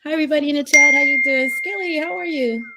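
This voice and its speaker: A woman co-hosting a live stream, with a voice slightly high for a woman. She reassures her partner and laughs often. She walks him through the setup step by step. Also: quick pace, heavy background noise. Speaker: co-host helping with the stream. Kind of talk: casual live stream chat.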